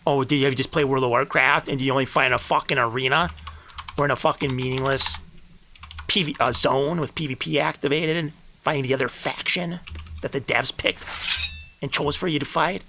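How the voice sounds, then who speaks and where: A man streaming live, retelling game battles with grand phrasing and heated, profane rants, and saying he is high. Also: fairly even intonation, fairly quick, bright, forceful tone, slight background noise.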